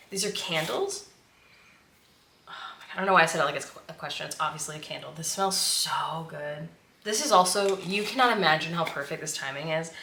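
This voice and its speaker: A woman vlogging casually who gushes, chats and laughs often. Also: on the low side. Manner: gushing, chatty, laughs often. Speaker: sewing vlogger. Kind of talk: casual vlog chat. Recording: echoey room, faint noise.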